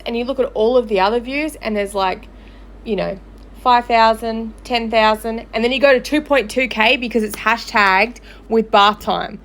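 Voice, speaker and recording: A woman's voice: a little high, fairly bright tone. A woman who hosts a gossip page, ranting angrily and swearing on a livestream. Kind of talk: livestream commentary.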